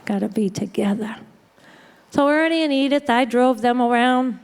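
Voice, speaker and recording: In a hotel conference room, a woman tells a live audience a humorous story about her own recovery, wry and laughing often as she acts out the people she quotes. Her voice is on the high side and darkish in tone, at normal speed.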